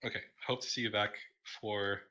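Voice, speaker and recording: A man casting a gaming tournament stream, tired and halting, with many fillers as he wraps up. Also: lowish voice, steady tone, bright, forceful tone. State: tired, yawning. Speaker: tournament caster. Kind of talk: casual livestream wrap-up.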